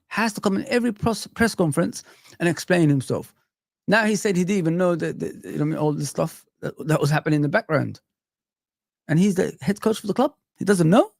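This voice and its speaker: Gravelly, fairly high-voiced man hosting an excitable football live stream, dry close sound. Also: fairly quick, dry recording. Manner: excitable, reacts to clips and chat. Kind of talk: casual live-stream chat.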